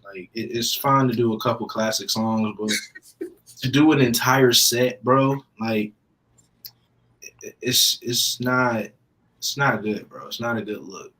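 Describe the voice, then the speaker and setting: A man's voice: mid-range voice, unhurried, long pauses, a bit bright. A man co-hosting a podcast, laid-back and joking in casual chat. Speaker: podcast co-host. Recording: voice a bit distant from the mic.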